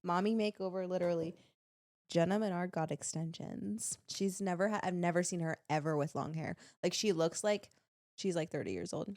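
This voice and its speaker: A woman's voice: lowish voice, moderate pace, a little mellow, dry recording, clean studio sound. A young woman co-hosting a podcast, teasing and joking in casual chat. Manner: playful, teasing, gravelly fry. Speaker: podcast co-host. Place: small room.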